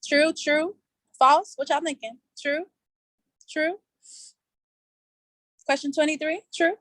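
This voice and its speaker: Her voice is high-pitched and a bit bright, with fairly even intonation and a slow pace, captured in a dry recording. She is the host of a casual live online quiz, playful and chatty, laughing often and using colloquial slang while on a video call outdoors.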